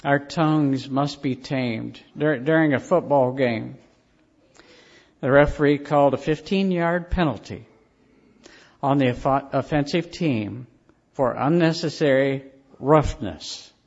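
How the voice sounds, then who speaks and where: A man preaching a sermon, telling stories in slow, emphatic phrases. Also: medium pitch, darkish tone. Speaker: pastor. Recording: dull lo-fi recording.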